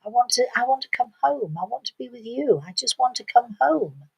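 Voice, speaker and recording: A woman voicing a little girl who pleads tearfully, in a raised, higher voice. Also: expressive, moderate pace, a bit bright, breathy edge, heavily acted. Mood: pleading.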